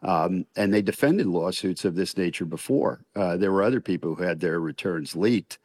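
An older man, a retired judge, answering questions in a radio news interview in a measured, deliberate way with frequent pauses. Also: low voice, lively intonation, darkish tone, no echo, clean studio sound.

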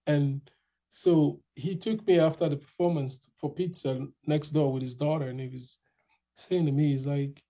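A man's voice: a little high, moderate pace, gravelly, mellow. A young man casually telling his story in an interview, acting out other people's lines in raised voices.

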